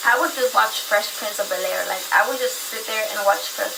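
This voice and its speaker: A woman's voice: medium pitch, fairly quick. A young Mexican American woman ranting casually and profanely on her vlog. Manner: brash and profane, swears freely. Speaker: vlogger. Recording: clip with clear background noise.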